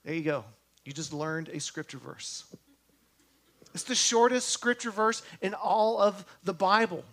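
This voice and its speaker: A male pastor with a high voice delivers a sermon, speaking slowly and deliberately. He addresses his congregation directly with questions. He falls quiet and gentle on tender lines, then rises again on words of hope. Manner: earnest, drops to a hush on tender lines and rises on points of hope; talks straight to the congregation with questions.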